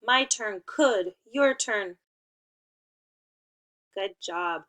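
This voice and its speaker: Woman teacher, unhurried delivery, encouraging and instructive with playful prompts for young children. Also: medium pitch, a bit bright. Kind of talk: remote class lesson for young children.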